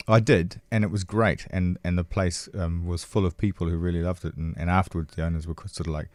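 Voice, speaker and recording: Low-voiced New Zealand man telling stories. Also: steady tone, brisk, hardly any pauses, a little mellow, no echo. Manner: anecdotal, acts out quotes with shifting voices. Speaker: comedian guest. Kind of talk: casual podcast chat.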